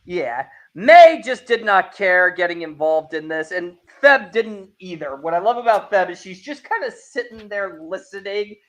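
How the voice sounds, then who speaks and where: High-voiced man animatedly retelling an anime. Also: moderate pace, hardly any pauses. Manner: animated retelling, acts out characters' lines. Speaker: podcast host. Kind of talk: casual anime review chat.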